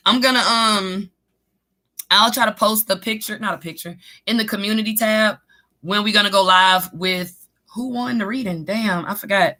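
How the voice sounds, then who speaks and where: Bright-voiced woman rambling on a live stream. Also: medium pitch, normal speed. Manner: rambling, profane, laughs often, trails off. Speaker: live stream host and tarot reader. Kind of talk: casual live stream chat reading comments.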